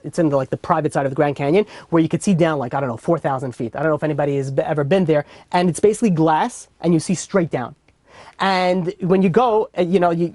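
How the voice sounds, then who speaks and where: A rabbi with a New York accent teaches his weekly informal Torah class, chatting casually with lots of fillers and restarts. His voice is fairly high with a darkish tone, and the recording is dry.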